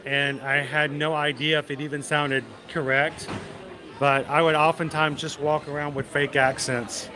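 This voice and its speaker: A man's voice: fairly high pitch, little pitch movement, measured pace. Chatty man hosting a park livestream. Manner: chatty, greets viewers by name, laughs easily. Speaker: livestream host. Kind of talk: casual livestream chat. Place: outdoors at a busy theme park. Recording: loud crowd noise outdoors. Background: crowd chatter.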